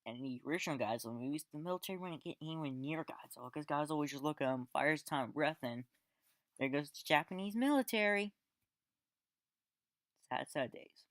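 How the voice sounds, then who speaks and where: A man's voice: a little high, lively intonation, brisk, a bit bright, dry recording, clean studio sound. A man giving a casual spoken film review, rambling with restarts and fillers and sarcastic, exasperated asides. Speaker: movie reviewer.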